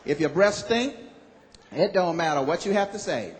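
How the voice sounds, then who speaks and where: A man performing a stand-up comedy routine on stage, animated and loud on his punchlines, acting out other people's voices. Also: fairly high pitch, moderate pace, background noise. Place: comedy club stage with live audience. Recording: live hall recording with audience.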